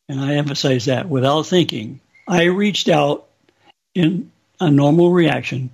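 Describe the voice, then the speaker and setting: A man slowly and solemnly recounting a religious vision as testimony. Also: fairly high pitch, vocal fry, slightly rough. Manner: slow, deliberate, solemn. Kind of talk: slow spoken testimony.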